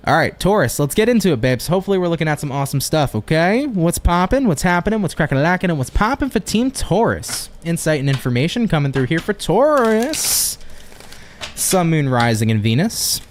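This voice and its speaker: A man's voice: fairly high pitch, very animated, brisk. A man giving a chatty, upbeat tarot reading on a live stream, with casual slang and swearing. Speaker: tarot reader.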